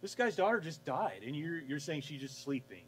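A man's voice: on the high side, very animated, normal speed, slight background noise, low-quality recording. A man preaching voices a crowd of mourners scoffing in disbelief. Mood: mocking. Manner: incredulous, mocking. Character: scoffing mourners, incredulous and mocking.

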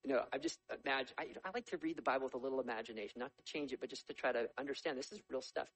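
A man preaching a sermon, reading scripture aloud and explaining it in a conversational, animated storytelling way. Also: medium pitch, racing, poor audio. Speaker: pastor.

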